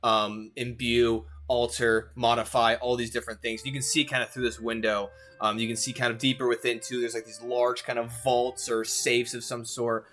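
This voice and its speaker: A man's voice: mid-range voice, little pitch movement, normal speed, few pauses, a bit bright. A man narrating as game master of a tabletop game, rambling with lots of fillers.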